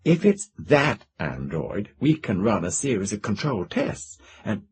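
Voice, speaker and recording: An eager young woman student, quick and pressing, her lines lifted slightly over a low male voice, as a man reading the story gives her voice. The delivery stays lively and animated.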